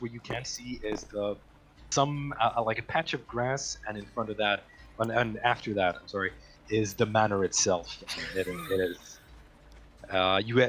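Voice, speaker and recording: A man's voice: fairly low pitch, a bit bright. A man narrating a tabletop game as game master, with frequent hesitant fillers.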